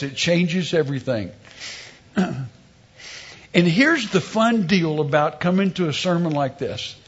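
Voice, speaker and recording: A man's voice: a little high, slightly rough, lo-fi sound. A middle-aged male pastor preaching a sermon, mixing scripture with humorous personal stories. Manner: storytelling with humor, emphatic preaching.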